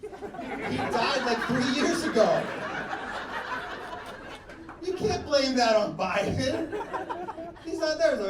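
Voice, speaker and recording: Stand-up comic, male, high voice, profane riffing; echoey noisy club sound. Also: animated, takes it slowly, pauses often, far from the mic. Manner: loose, profane, riffing with crowd laughter. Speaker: stand-up comedian. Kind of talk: stand-up comedy set. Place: comedy club stage. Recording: echoey venue, mic heard from afar, noisy.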